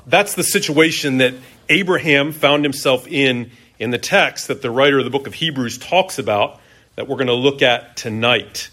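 A middle-aged man preaching a sermon as pastor, conversational, asking his listeners questions and often pausing on "uh". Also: mid-range voice, a bit bright. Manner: conversational, asks the congregation questions.

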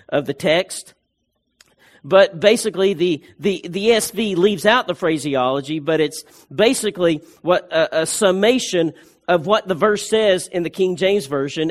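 High-voiced emphatic male preacher. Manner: emphatic, repeats key phrases, frequent restarts. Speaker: pastor. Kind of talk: sermon.

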